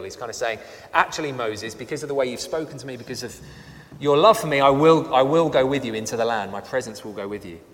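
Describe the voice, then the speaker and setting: A man's voice: mid-range voice, fairly bright tone. Man preaching in a reverberant church. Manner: emphatic, repeats lines for effect, reads scripture aloud. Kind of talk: sermon.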